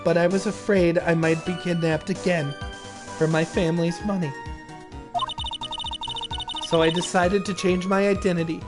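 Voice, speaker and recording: Young woman witness, calm recounting, read by a man in his own voice; loud game music underneath. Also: high-pitched, normal speed, long pauses, lightly acted.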